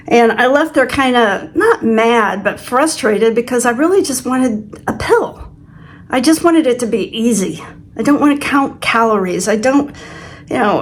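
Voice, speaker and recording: A woman's voice: a little high, lively intonation, measured pace. A woman in her sixties hosting her own vlog, telling a personal story in a chatty, self-deprecating way. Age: 60s. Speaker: channel host. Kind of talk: casual vlog chat.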